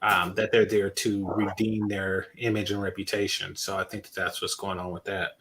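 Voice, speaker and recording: A man with a fairly low but bright, forceful voice talks as a guest on a casual podcast. He speaks haltingly and fills his pauses with ums. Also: level tone. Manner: hesitant, halting, with fillers. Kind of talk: casual chat.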